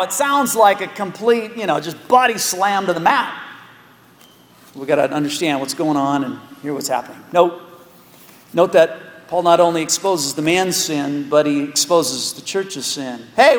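A man preaching a sermon as pastor, animated, with joking asides and repeated words. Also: a little high, normal speed. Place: large church hall. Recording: echoey hall with long reverb.

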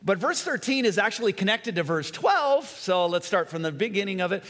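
A man preaching a sermon, earnest and repetitive, sometimes dropping to a soft, quiet voice. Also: high-pitched, lively intonation, normal speed, few pauses. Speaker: pastor. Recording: long hall reverb.

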